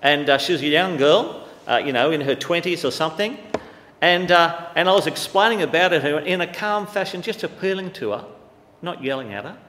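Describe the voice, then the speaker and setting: A man delivers an impassioned sermon in a slightly high voice, rising to loud declarations and falling to near-hushed asides. His words ring out with a long echo through a large reverberant hall. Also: slight background noise. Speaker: preacher.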